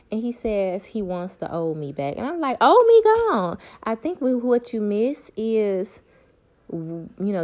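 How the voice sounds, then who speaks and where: A woman's voice: fairly low pitch, dark tone. A young woman, talking candidly and emphatically to her viewers about her love life and self-worth, repeating points for stress. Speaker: vlogger.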